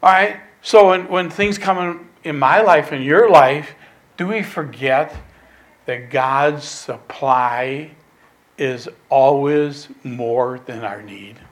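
A man preaching a sermon, emphatic and repeating phrases, dropping from loud stresses to near whispers. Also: mid-range voice, takes it slowly.

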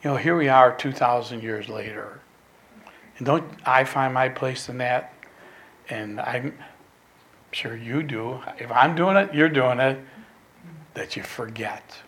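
A man preaching a sermon, emphatic and repeating phrases, dropping from loud stresses to near whispers. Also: mid-range voice, unhurried, pauses often.

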